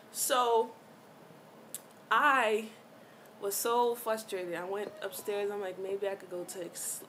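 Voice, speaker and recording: A woman's voice: medium pitch, a little hiss or hum. Chatty woman telling a storytime vlog. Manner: chatty and animated, with slang and many fillers. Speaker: vlogger telling a personal story. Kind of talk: casual storytime chat.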